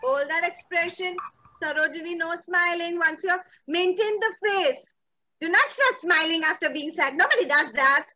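A woman's voice: very high voice, normal speed, bright, forceful tone, lo-fi sound. A young woman leading an online children's drama class over a video call, playful and coaxing, using endearments. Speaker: theatre workshop instructor.

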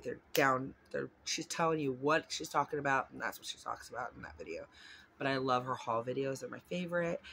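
A woman talks through an unboxing at home in a loose, rambling way, gushing and full of fillers. Her voice has a gravelly, creaky edge. There is a faint hiss of noise behind her. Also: rumbling low, fairly bright tone. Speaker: vlogger. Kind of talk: casual unboxing chat.

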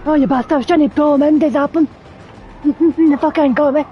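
A woman's voice: high-pitched, fairly even intonation, fairly quick, lo-fi sound, soft background music. A woman streaming a game, talking to herself casually and swearing often at what happens on screen. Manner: swears a lot, startled exclamations. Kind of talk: casual gameplay commentary.

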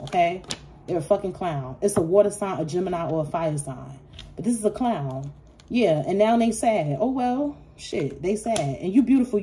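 A woman giving a casual tarot reading, blunt and profane, acting out imagined quarrels in an animated way. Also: lowish voice, a little hiss or hum. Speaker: tarot reader.

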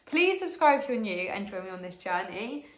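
A woman in her late teens chatting to camera as a vlogger while she eats, gushing and excitable, with lots of fillers. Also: medium pitch, moderate pace. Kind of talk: casual to-camera vlog while eating. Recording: roomy echo.

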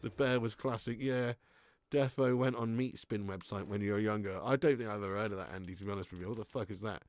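A man's voice: on the low side, fast talker, no echo. A man hosting a gaming live stream, reading chat aloud in casual banter, swearing freely and laughing often. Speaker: gaming livestream host.

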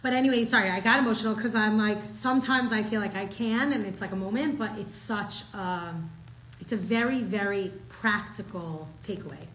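Fast-talking chatty young woman teacher. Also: mid-range voice, echoey room, slight background noise, rough recording. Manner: chatty, animated, peppered with "like". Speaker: class teacher. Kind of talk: casual Torah class.

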